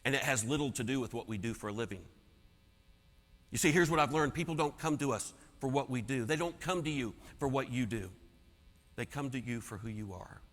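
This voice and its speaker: A man telling a personal story as a keynote speaker, dramatic and swinging from hushed to loud. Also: mid-range voice, a little fast. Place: large conference hall. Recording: long hall reverb.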